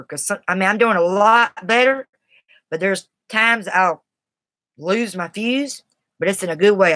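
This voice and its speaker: A woman's voice: mid-range voice, fairly bright tone, no echo. A woman casually telling a personal story in a blunt, tough, colloquial way. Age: adult, has a daughter. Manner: blunt and tough, Southern-sounding colloquial speech.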